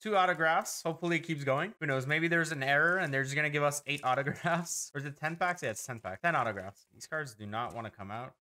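Opening packs of hockey cards on video, the host gets excited and calls out player names at speed, with exclamations bursting out along the way. For a man, his voice sits slightly high, and it comes across bright and forceful in this casual commentary.

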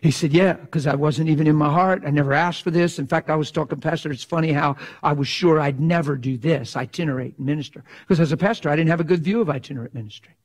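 A man preaching with fiery passion, his voice sitting high for a man. He talks with lively animation, slipping into mock voices to make a point. He sounds middle-aged. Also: quick pace, few pauses. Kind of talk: sermon.

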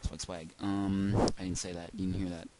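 A man's voice: deep voice, level tone, normal speed. A young man rambling goofily to himself while commentating his game at home. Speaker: gaming video host. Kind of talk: casual let's-play commentary. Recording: heavy background noise hiss.

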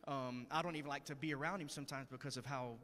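A man's voice: mid-range voice, fairly even intonation, fast, a bit bright. A man preaching a sermon in church, telling a story in a conversational, earnest way. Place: church sanctuary. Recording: long hall reverb.

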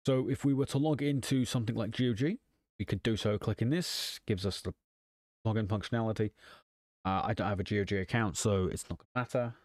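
A man hosting a casual software tutorial, walking through an install with wry, self-deprecating asides. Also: on the low side, fairly quick, no echo, clean studio sound. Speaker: tech channel host.

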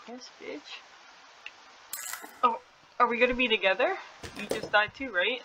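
A young woman playing a horror game with a friend, talking in quick frantic bursts, gasping, swearing and shouting warnings. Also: a little high, noisy background. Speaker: gamer.

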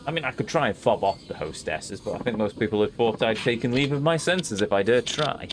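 A man's voice: medium pitch, animated, brisk, background noise. A man giving let's play commentary as a gaming host, with dry self-mocking asides. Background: game music.

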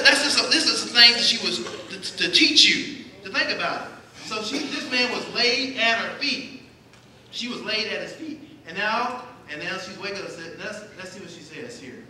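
A man's voice: high-pitched, sharp tone, a little hiss or hum. A man preaching a sermon, asking the congregation questions and answering them himself. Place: church sanctuary. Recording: echoey church hall, distant mic.

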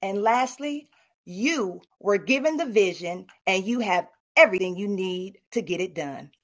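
A woman's voice: mid-range voice, lively intonation, a little slow. A middle-aged woman giving a motivational talk at an online summit and coaching her audience directly. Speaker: speaker.

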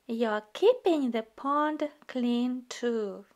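A woman reading a children's picture book aloud into a phone, slow and gentle, with some words hushed. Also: high voice, lively intonation. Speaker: storybook reader.

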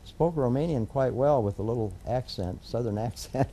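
A man's voice: medium pitch, moderate pace, dark tone. An older man, a judge being interviewed, telling a long family story in a rambling way with many fillers and restarts. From United States. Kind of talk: oral history interview storytelling.

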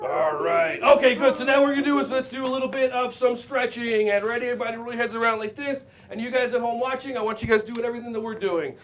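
A man teaching a children's karate and yoga class, playful and animated as he jokes with the kids. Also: very high-pitched, fast, few pauses, slight background noise. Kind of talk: leading a kids' exercise class.

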